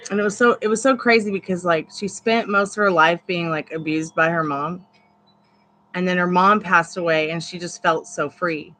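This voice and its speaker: Bright-voiced woman tarot streamer. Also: on the low side, a little hiss or hum, rough recording. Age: 30s. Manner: rambling storyteller who talks to spirits. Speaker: tarot reader and live streamer. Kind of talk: casual live-stream chat.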